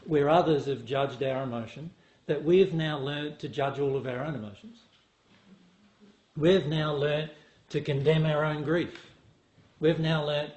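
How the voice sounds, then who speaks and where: Speaking to an audience as a spiritual teacher, a man poses questions and acts out voices to drive his points home. His voice is a little high and a little mellow, recorded in an echoey room with faint noise.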